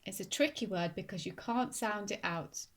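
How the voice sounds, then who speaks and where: In a phonics lesson for little kids, this primary school teacher speaks in a mid-range voice, slowly and distinctly. She breaks words down into their syllables one at a time.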